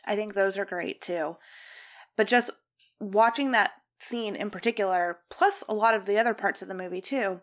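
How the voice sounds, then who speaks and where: An enthusiastic young woman talks casually about movies as a podcast co-host. Her delivery is chatty and eager. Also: mid-range voice. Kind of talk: casual film discussion.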